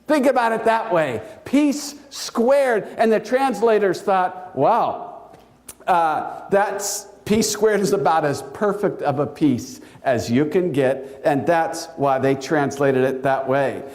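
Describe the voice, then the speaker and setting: A pastor giving a sermon in church, animated and playful, laughing at his own jokes. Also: a little high, slow, hardly any pauses.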